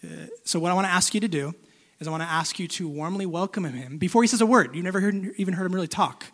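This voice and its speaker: A man's voice: high voice, fast, fairly bright tone. A man serving as pastor, speaking earnestly to his church and introducing a guest speaker, with frequent restarts. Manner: earnest, many filler restarts. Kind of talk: sermon. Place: church hall.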